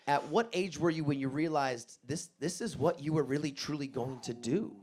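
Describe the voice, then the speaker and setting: A man interviewing a guest, asking questions haltingly and repeating words. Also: on the high side, darkish tone, a little hiss or hum.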